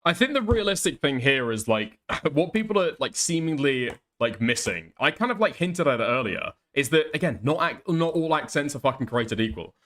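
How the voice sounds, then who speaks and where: A man's voice: fairly high pitch, big pitch swings, normal speed, a bit bright. A young man streaming commentary, ranting casually with lots of swearing and pushy "okay?" tags. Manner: profane, emphatic, repeats "okay?" to press points. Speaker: streamer reacting to clips.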